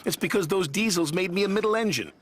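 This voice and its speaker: A man's voice: high voice, fast, a little hiss or hum, voice pushed up, close to an everyday voice. A man voicing a small, cheerful young male tank engine who sounds plaintive and cross. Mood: sad. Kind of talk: storybook character voice.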